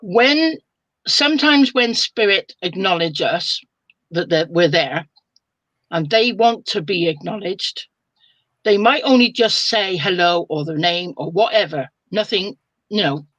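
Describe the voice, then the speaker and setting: An older woman, a spiritual medium telling a story in a chatty, lively way over a video call. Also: on the low side, measured pace, no echo, highs cut off. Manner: chatty and lively, with colloquial exclamations. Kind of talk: casual storytelling on a live video chat.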